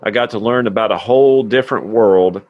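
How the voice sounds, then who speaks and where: A man's voice: fairly low pitch, a little fast, dry recording, dull audio. A man from Tennessee, hosting a podcast with a scripted intro and a friendly, earnest chat. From Tennessee, USA. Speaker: podcast host. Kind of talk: scripted intro then casual interview.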